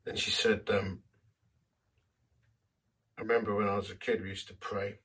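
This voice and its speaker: A man's voice: on the low side, little pitch movement, moderate pace, a bit bright, slightly rough, recorded from a distance. A man who is a vicar, telling a story in a sermon in a self-deprecating, anecdotal way and acting out the quotes.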